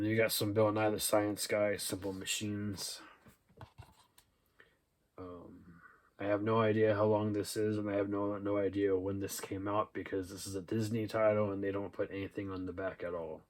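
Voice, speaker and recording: A man's voice: fairly low pitch, a little slow, pauses often, a little hiss or hum. A young man casually going over his thrift-store movie finds, rambling with lots of fillers. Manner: relaxed and rambling, with many "uh" and "um" fillers. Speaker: thrift haul vlogger. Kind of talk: casual haul video, reading out DVD titles and cast lists.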